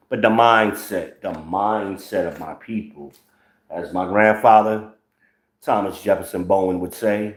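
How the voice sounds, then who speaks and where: A man's voice: deep voice, slow, roomy sound, poor audio. A man in his forties from the northern United States, hosting his own channel with blunt, profane, sarcastic social commentary. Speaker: channel host.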